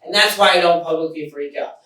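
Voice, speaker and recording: A high-pitched young man from Texas works through a stand-up set, telling his stories in an animated way and cracking up at his own jokes. He sounds a little far from the mic, in a very echoey room with a faint hiss behind him. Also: fast. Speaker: stand-up comedian. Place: live comedy stage in a small theater.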